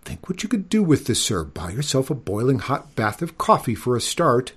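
A man voicing a polite, hapless young prince who pleads with courteous, pitched-up speech. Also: animated, a little fast, darkish tone, natural voice. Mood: pleading.

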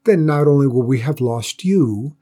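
Fearful village parents, read by a man in a spoken storybook. The tone is dark and slightly husky, with anxious pleading in every word. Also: medium pitch, animated, moderate pace, close to an everyday voice.

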